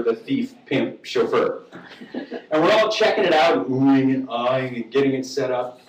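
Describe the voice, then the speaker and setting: Animated man telling a comic story live. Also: a little high. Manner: animated, wry and profane, acts out voices. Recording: echoey room, distant mic, faint noise.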